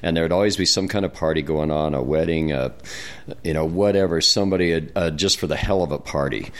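A man's voice: extremely low pitch, fairly quick. An older man from Wyoming hosting a casual studio chat, rambling and easygoing. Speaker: radio host.

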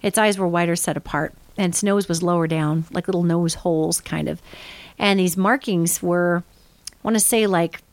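A woman's voice: fairly low pitch, fairly even intonation, normal speed, dry recording. A woman hosting a live call-in radio show as a psychic, talking in a chatty, rambling way and calling her listeners "you guys" from a studio microphone.

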